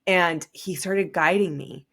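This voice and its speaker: A woman's voice: on the low side, slow, fairly bright tone, husky. A young woman hosting a podcast, telling a personal story in a casual, chatty way, full of "like.". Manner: chatty, heavy use of "like". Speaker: podcast host.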